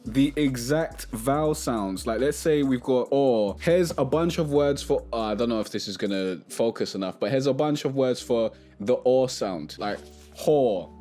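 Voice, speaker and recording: A man hosting a casual music tutorial, talking to camera in a relaxed, chatty way and sometimes singing short melody snippets. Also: mid-range voice, normal speed, hardly any pauses.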